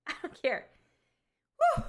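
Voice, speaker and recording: A woman streamer chatting casually with her viewers, animated and candid, often laughing and swearing freely. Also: very slow. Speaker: live streamer.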